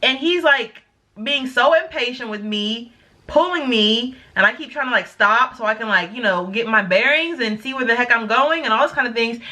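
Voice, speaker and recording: A young woman vlogger telling a story casually, acting out quotes with big jumps in her voice. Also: moderate pace. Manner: animated, acts out quotes with big pitch jumps.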